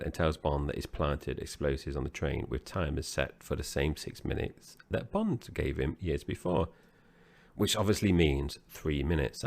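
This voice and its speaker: A man co-hosting a film review podcast, recapping the plot in a relaxed, loose conversational way. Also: very deep voice, vocal fry. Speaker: podcast co-host. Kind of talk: casual movie review chat.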